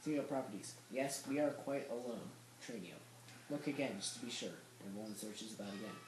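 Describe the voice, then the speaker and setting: A man's voice: medium pitch, brisk, a little mellow. Young man reading a script, echoey room. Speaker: student reader. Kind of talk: reading a play script aloud. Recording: echoey room with background noise.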